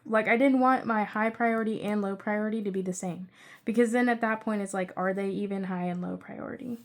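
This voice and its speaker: A young woman chatting casually through her budget, rambling with excitable asides. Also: medium pitch, brisk. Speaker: budgeting channel creator.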